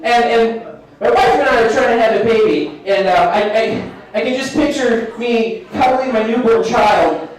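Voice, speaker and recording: High-voiced man doing stand-up in an echoey bar. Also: moderate pace, background noise. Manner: self-deprecating, chatty with the crowd. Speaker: stand-up comedian. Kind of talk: live stand-up set. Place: bar stage with a live audience. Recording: echoey bar room from a distance.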